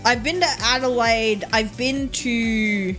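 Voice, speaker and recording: A woman's voice: fairly high pitch, fairly even intonation, slow, a bit bright, soft background music. A young woman from Queensland with an Australian accent, chatting casually on a live stream, rambling with lots of fillers and frequent giggles.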